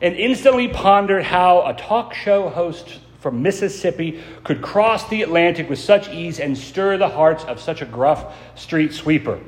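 A man preaching a sermon as pastor, telling a story in a measured way and slowing down to stress key words. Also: on the high side, animated. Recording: long church reverb.

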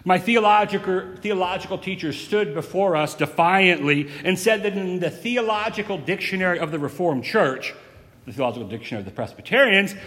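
A pastor giving a sermon in a measured preaching style, with pauses and rhetorical questions. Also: male voice, sits high, sharp tone. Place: church sanctuary. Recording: reverberant sanctuary.

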